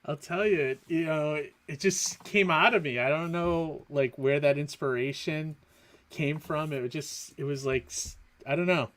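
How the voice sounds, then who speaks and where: A man, a comic artist guest on a livestream, answering in a relaxed, halting way and laughing often. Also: fairly high pitch. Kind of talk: casual interview.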